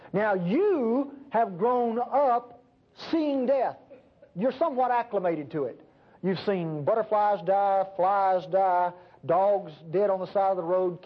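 A man with a high, husky voice preaches a sermon with fervor. He swings between loud, emphatic bursts and quiet, hushed passages. The recording sounds dull and lo-fi.

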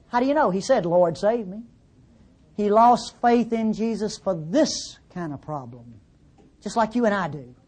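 A woman's voice: fairly high pitch, dark tone, breathy edge. A woman preaching a sermon in a conversational, teasing way, full of rhetorical questions.

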